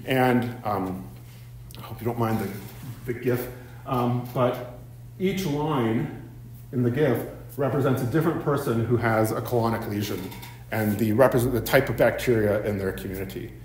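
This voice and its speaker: Here the professor talks at a normal speed, his mid-range voice dark in tone, with slight background noise. He fills the seminar lecture with ums and tag questions of "right?", and the university seminar room sounds echoey.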